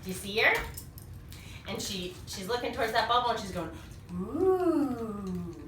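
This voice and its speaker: A woman reading a picture book aloud to young children, animated and full of sing-song questions, in a small echoey room. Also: medium pitch, fairly quick, recorded from a distance, a little hiss or hum. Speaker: children's storyteller.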